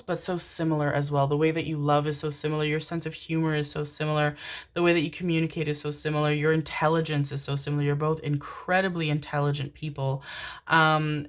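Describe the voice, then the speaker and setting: Woman, tarot reader, low pitch, gushing, affectionate, rambling, lots of ums. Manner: gushing, affectionate, addresses viewers as darlings; rambling with many fillers and restarts. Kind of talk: pick-a-card tarot reading.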